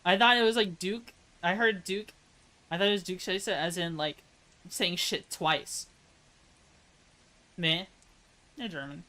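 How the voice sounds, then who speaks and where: A woman's voice: on the low side, a little slow, long pauses, pushed and bright, low-quality recording. A woman with an American accent chatting casually on a live stream, reading chat aloud. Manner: chatty, reads chat aloud, laughs at own jokes; tries mock German accent voices.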